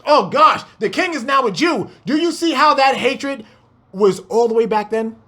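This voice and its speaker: Impassioned man preaching a scripture breakdown, animated and swinging in pitch, with rhetorical questions. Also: moderate pace. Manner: fiery, exclaiming, rhetorical questions, swearing.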